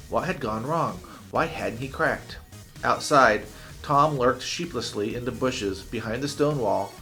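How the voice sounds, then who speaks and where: A man reading a children's chapter book aloud as a teacher, in a slow, expressive way. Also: mid-range voice.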